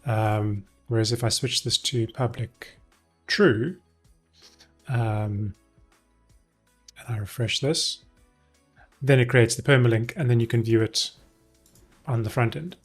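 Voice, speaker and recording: A man at his desk microphone walks through his coding work for a live stream, thinking aloud in a relaxed, unscripted way. His voice is a little husky and sits at an ordinary middle pitch. Faint music plays quietly behind him. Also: takes it slowly, long pauses. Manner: thinking aloud, many ums and self-corrections. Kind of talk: casual live-coding walkthrough.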